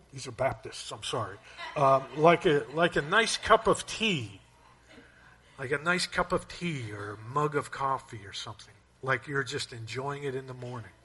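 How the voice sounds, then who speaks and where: Husky-voiced pastor giving a chatty sermon. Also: male voice, on the high side. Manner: conversational, frequent "okay?" and "right?" check-ins.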